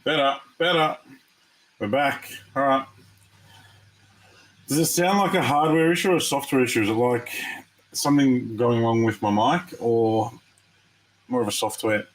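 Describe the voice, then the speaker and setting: A man from Australia runs a live trading card break, talking casually and excitedly to his viewers as he opens packs. His voice sits at a middling pitch, and he keeps up a steady, chatty stream of commentary. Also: moderate pace, pauses often, poor audio.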